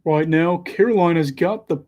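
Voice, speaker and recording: A man's voice: fairly high pitch, moderate pace, darkish tone. A young man hosting a casual livestream, calling hockey play as he watches and chatting between moments in a self-deprecating way. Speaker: livestream host and hockey commentator.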